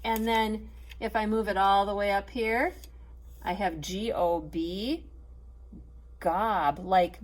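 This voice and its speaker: Middle-aged woman teacher, slow and patient, sounds out letters for kids, encouraging. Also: mid-range voice. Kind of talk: online phonics lesson for children.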